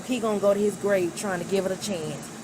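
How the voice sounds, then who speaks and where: A woman's voice: mid-range voice, steady tone, quick pace, noisy background. A woman guest talking emphatically and bluntly in a casual chat. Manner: outspoken and emphatic, laughs.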